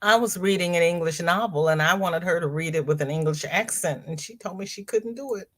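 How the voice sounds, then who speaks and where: This is a middle-aged woman's voice, lowish and brisk. She's hosting a casual home livestream, talking with viewers and laughing and exclaiming while she reads their comments aloud.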